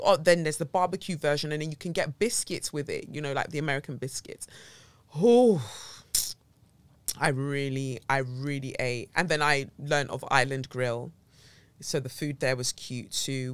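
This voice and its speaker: A woman's voice: deep voice, a bit bright, no echo. A woman with a London accent hosting her own podcast, chatting casually and animatedly, exclaiming and swearing freely, into a studio mic at home. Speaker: podcast host. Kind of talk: casual solo podcast chat.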